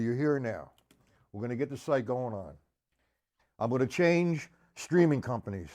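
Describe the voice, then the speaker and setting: A man's voice: medium pitch, darkish tone. A man teaching a live-streamed drum lesson, counting beats aloud and asking viewers to respond.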